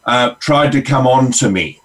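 A man's voice: mid-range voice, normal speed, a bit bright, distant mic, low-quality recording. A man with an Australian accent, a regular counselor on a radio show, telling rambling stories with acted-out quotes. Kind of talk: casual on-air storytelling.

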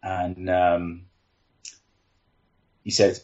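A man's voice: fairly low pitch, normal speed, darkish tone. Chatty man telling anecdotes, lo-fi. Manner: rambling anecdotes with frequent laughs and "you know". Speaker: guest team trainer. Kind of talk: casual storytelling on a podcast panel.

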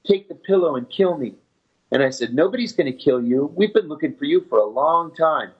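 A man telling his story in an interview in a steady, matter-of-fact way. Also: fairly high pitch, a little fast, husky. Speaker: former intelligence officer telling his story. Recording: dull lo-fi audio.

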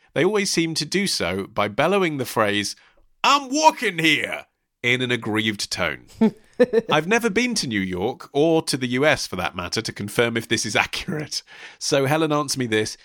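A man co-hosting a podcast, explaining things in a quick, emphatic, chatty way. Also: medium pitch, a bit bright, no room sound, studio quality. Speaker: podcast co-host. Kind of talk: casual chat.

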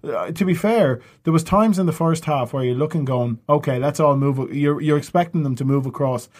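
A man's voice: on the high side, fairly quick. A man telling stories and giving football opinions in casual, sweary podcast chat, often laughing. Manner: laughing, sweary, animated storytelling.

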